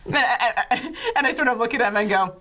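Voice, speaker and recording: A woman's voice: on the high side, fast talker, background noise. A woman playing a tabletop game, wry and joking. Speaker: player. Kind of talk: casual tabletop play.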